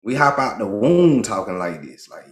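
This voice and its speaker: A man from Georgia with a Southern US accent, hosting an impassioned livestream monologue. He talks emphatically and profanely, his voice climbing high when he gets worked up. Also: moderate pace. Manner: emphatic, profane, rising to excited high pitch. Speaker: livestream host. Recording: roomy echo.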